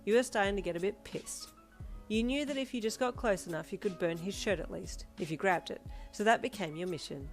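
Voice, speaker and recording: A woman narrating a fan fiction story in an expressive second-person reading. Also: medium pitch, fairly quick, faint music behind. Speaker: audiobook narrator.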